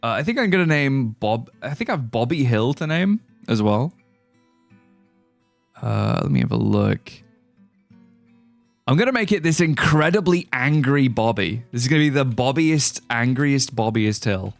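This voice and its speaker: A man livestreaming a game in casual chat, excitable and laughing often, with quick exclamations. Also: medium pitch, creaky, no echo, soft background music. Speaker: live streamer.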